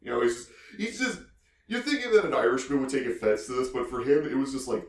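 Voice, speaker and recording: A man's voice: medium pitch, very animated, fast, echoey room. A man co-hosting a podcast, telling stories in a rambling, casual way full of filler phrases. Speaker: podcast co-host.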